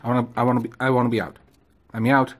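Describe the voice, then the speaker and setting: A man's voice: medium pitch, level tone, racing, pitched below the performer's own voice, natural voice. A man voicing his bratty, sleepy female pet ferret, in a whiny and pleading tone. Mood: demanding.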